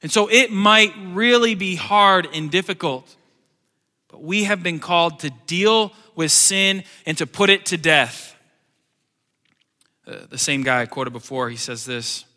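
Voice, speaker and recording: A man preaching a sermon as pastor to his church, animated and swinging between loud emphasis and quiet joking asides. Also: high-pitched, unhurried. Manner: joking asides in plain everyday speech. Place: church sanctuary. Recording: long church hall reverb.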